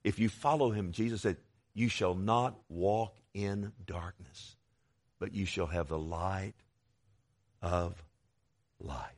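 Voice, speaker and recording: A man's voice: sits low, slow, long pauses. A man preaching a sermon to his church, quoting scripture aloud with swells of volume and sudden drops. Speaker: pastor.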